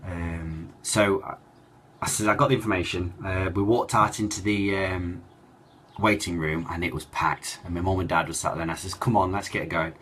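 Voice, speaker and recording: A man telling a personal story in a halting, emotional way, with many fillers and restarts. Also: sits low, steady tone, a bit bright, a little hiss or hum. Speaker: cancer survivor telling his story.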